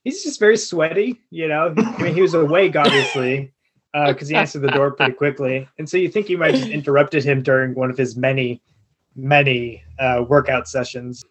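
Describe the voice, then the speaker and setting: A man's voice: mid-range voice, normal speed, breathy edge. A man narrating as game master of a tabletop game, laid-back and chuckling, with many filler words. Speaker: tavern master.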